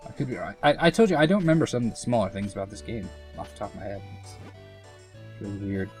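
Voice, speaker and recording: A man's voice: lowish voice, fast talker, faint music behind. Rambling young man commenting on gameplay. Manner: rambling, filler-heavy, self-mocking. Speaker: let's play commentator.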